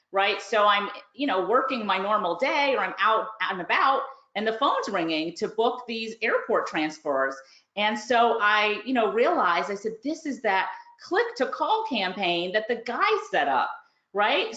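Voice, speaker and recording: A chatty woman tells a story on a live webinar, acting out the calls in quick bursts. Her voice sits in the middle of the range. The audio is roomy and a little dull. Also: mid-range voice, a bit bright. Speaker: course reviewer and online business host. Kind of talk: casual webinar talk.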